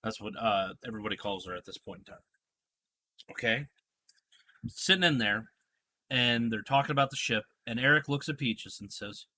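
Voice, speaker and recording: A man's voice: lowish voice, normal speed, pauses often, sharp tone. A man hosting a casual podcast chat, retelling a TV scene in a rambling, storytelling way. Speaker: podcast host.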